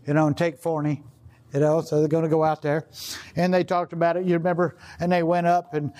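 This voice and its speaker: At an outdoor gathering, an older man preaches a sermon in a rambling, conversational style, full of "you know" and restarts. His voice is high-pitched with a darkish tone.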